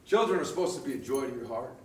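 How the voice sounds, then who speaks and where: A man preaching a sermon in a relaxed, storytelling way, laughing often and restarting his sentences. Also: mid-range voice, very fast, roomy sound, distant mic. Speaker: pastor.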